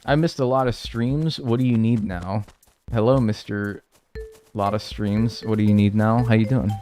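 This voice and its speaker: A man's voice: on the low side, normal speed, dark tone, soft background music. A man streaming a speedrun and chatting casually with viewers, rambling, joking and swearing freely. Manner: rambling, profane, jokey banter with chat. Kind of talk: casual livestream chat while playing.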